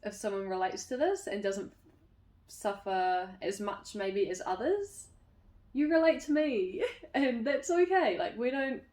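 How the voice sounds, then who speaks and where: A woman speaks candidly to her audience as the host of a community chat series, laughing often and restarting her thoughts as she goes. Her voice sits at a middle pitch. The room around her is echoey. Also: expressive, measured pace, darkish tone. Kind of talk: personal reflective talk to camera.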